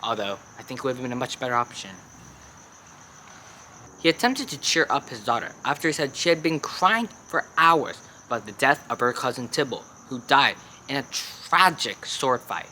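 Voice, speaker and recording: A man's voice: mid-range voice, bright, forceful tone, a little hiss or hum, low-quality recording. A teen boy playing a dramatic field reporter. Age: teenager.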